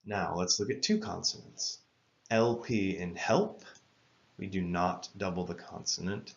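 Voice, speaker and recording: A man with a low voice explains spelling rules as a patient teacher. He speaks slowly and carefully and spells words out letter by letter. The recording sounds a little dull. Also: gravelly. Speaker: English grammar teacher. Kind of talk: scripted lesson narration.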